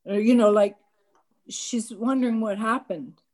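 A woman's voice: fairly high pitch, a little slow, darkish tone. A woman telling a personal anecdote to a gathered audience, candid and self-mocking, acting out bits of dialogue and often stammering into restarts.

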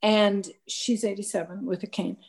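A woman's voice: mid-range voice, moderate pace, gravelly, husky. Woman telling a candid, self-mocking anecdote. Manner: candid, self-mocking storytelling with lively quoted dialogue; frequent stammered restarts. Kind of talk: personal anecdote told to a gathered audience.

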